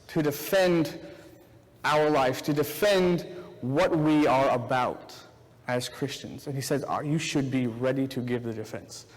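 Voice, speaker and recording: A man in his thirties giving a casual, chatty sermon, retelling a film scene with acted-out quotes before turning to scripture. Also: medium pitch. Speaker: preacher. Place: church hall. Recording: reverberant church hall.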